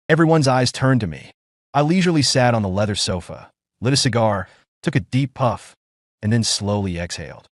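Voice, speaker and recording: A man's voice: medium pitch, animated, fairly quick, no room sound, studio quality. A man narrating a first-person revenge story in a smug, scripted reading.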